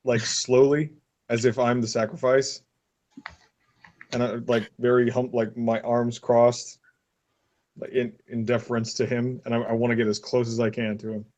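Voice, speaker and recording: Guy player, hyped, swears a bit, middle pitch. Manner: quick, excited, casual swearing. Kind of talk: tabletop game play.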